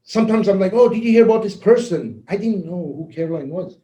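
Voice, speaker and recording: A man giving a casual motivational talk, animated and laughing as he acts out conversations. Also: high voice, fast, echoey room, poor audio. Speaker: network marketing leader.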